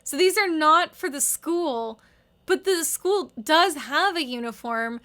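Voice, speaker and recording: A woman's voice: high-pitched, lively intonation, takes it slowly, sharp tone. A woman in her thirties giving rambling, wry casual commentary with lots of "like". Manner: wry, rambling, heavy use of "like". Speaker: video essayist.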